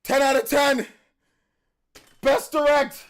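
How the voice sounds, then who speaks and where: A man hosting a live reaction stream, talking in excited, emotional bursts and repeating himself, with a voice that is wearing out. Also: extremely high pitch, unhurried, a little hiss or hum. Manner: excited, emotional, repetitive exclamations. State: losing his voice. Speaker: host.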